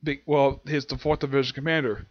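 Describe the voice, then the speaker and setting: Speaking fairly quickly in a mid-range voice with little pitch movement, a man rambles through anime episode recaps, full of fillers and restarts. There's no echo, and the sound is dull, lo-fi, and dry.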